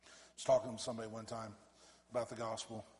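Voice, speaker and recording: Guy pastor preaching hard, gets loud then drops quiet, big echoey church sound. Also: level tone, fast talker, a little hiss or hum. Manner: fervent, builds to loud emphatic peaks then drops low. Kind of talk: sermon. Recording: reverberant church hall.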